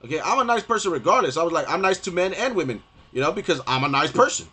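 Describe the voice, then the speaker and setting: Young guy on a game stream, high voice, swearing nonstop, keeps tripping over his words. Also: sing-song, fast talker, sharp tone, husky. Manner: profane, repetitive, stumbling restarts. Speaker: gaming streamer. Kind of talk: rambling rant on stream.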